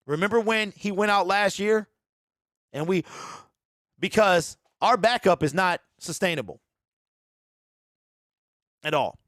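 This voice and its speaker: Excitable sports host, high-pitched, dry close mic, casual live-stream riffing. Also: male voice, slow, long pauses, no echo. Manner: excitable, repeats himself, mocks fans in a mimicking voice.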